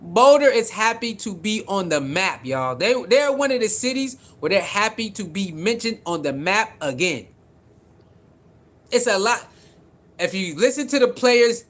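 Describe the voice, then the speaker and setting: A man with a high-pitched voice and streams casual sports commentary. He is animated and repeats himself for emphasis, calling out viewers by name as he reads their comments. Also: normal speed. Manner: animated, repetitive, talks straight to viewers.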